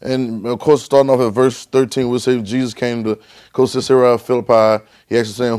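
A man's voice: mid-range voice, steady tone, fairly quick, a little mellow. A male pastor preaching a sermon, leading the congregation in call-and-response and often repeating and restarting phrases.

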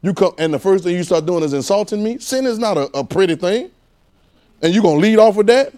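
A man preaching a conversational sermon, animated and repetitive, firing rhetorical questions at his congregation. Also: high-pitched, brisk.

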